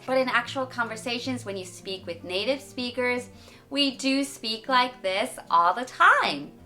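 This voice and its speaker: A woman in her thirties from Wales, giving a clear, expressive English lesson to camera. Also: fairly high pitch. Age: 30s. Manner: clear, expressive teaching delivery. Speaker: English teacher.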